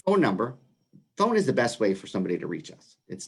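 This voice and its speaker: A man's voice: lowish voice, wildly swooping pitch, fast talker, gravelly, a little mellow, husky. A man with a New York accent, speaking earnestly as a human rights commission director in a livestream discussion.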